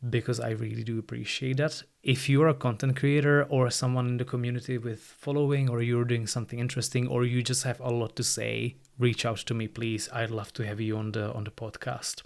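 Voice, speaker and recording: A man of ordinary middle pitch talks alone into a studio microphone in a loose, chatty way. His English is non-native and carries a light Irish tinge. He often opens his sentences with "look" or "like". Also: flat delivery, a little fast, gravelly, hardly any pauses. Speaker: podcast host. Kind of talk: solo podcast monologue. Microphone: new studio microphone.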